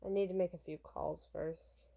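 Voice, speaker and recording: A woman's voice: low-pitched, fairly even intonation, normal speed, gravelly, narrow, tinny audio, voice pushed down. A woman voicing a stern, clipped male bodyguard from a comic. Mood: curt.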